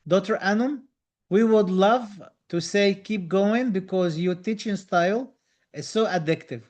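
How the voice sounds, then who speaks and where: A high-pitched man with as a teaches a live online dental exam class. He talks with eager enthusiasm, repeating key phrases to encourage his students. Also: unhurried, a little mellow. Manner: enthusiastic, reads out viewer comments, repeats phrases.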